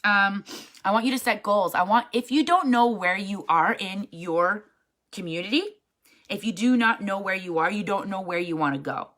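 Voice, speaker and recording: A woman's voice: mid-range voice, moderate pace, a bit bright. A woman who leads a network marketing team, giving a casual, chatty motivational talk in a frank, emphatic manner.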